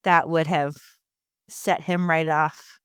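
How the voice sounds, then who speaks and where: A woman with a New Jersey accent hosting a podcast, recapping an episode in a chatty, sarcastic way with animated asides. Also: sits low, takes it slowly, smooth, no echo, clean studio sound. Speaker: podcast host. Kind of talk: casual episode recap chat.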